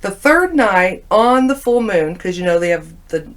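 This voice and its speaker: A woman guest chats casually at a normal pace in a mid-range voice. She tells stories animatedly and acts out what people said.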